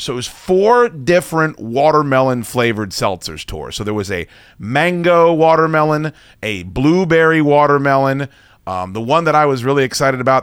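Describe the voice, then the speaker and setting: A man's voice: medium pitch, big pitch swings, moderate pace, fairly bright tone, clean tone, no room sound, studio quality. A man in his thirties hosting a podcast, telling a long story in a rambling, self-mocking way and swearing constantly. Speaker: podcast host. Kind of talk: casual profane storytelling.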